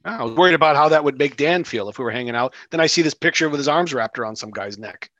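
A man co-hosting a podcast in casual chat, joking in a dry, deadpan way. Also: on the high side, quick pace, no echo, dull audio. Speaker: podcast co-host.

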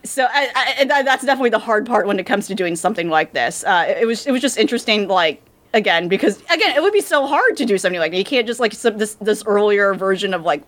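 A woman's voice: mid-range voice, lively intonation, fast talker, fairly bright tone. A woman co-hosting a podcast, chatting casually and rambling with many fillers and restarts. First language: English. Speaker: podcast co-host. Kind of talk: casual chat about anime dubs.

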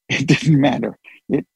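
A man's voice: medium pitch, fairly even intonation, slow, gravelly, husky, dry recording, poor audio. A man hosting a group call, chatting casually and joking at his own expense. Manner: chatty, joking, self-deprecating. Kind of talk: casual chat.

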